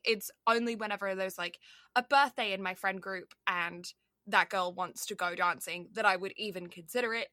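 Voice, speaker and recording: Rambling through a casual conversation and leaning hard on "like" and "um," a young Canadian woman co-hosts a podcast. Her voice has a medium pitch and a sharp tone, captured in studio quality with no room sound.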